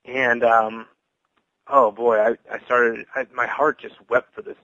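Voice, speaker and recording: Gravelly man, halting earnest testimony. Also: medium pitch, level tone, bright, forceful tone, no echo, muffled recording. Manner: halting, earnest, many restarts. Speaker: Christian evangelist sharing testimony. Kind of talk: personal testimony, casual.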